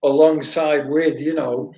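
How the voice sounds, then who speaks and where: An older man, chatting through long stories in an interview and restarting his phrases as he thinks. His voice sits a bit high for a man. The recording sounds roomy and muffled. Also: little pitch movement, a little slow, vocal fry, warm tone. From Wales. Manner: anecdotal, repeats words, laughs while telling stories. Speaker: former goalkeeper guest. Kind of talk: storytelling interview answers.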